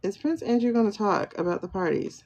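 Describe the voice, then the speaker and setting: A woman's voice: medium pitch, expressive, a little fast, a little mellow. A woman hosting a livestream tarot reading, musing aloud and chatting with viewers by name. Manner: muses aloud, asks herself questions and answers them. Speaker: tarot and pendulum reader, livestream host. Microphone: phone livestream.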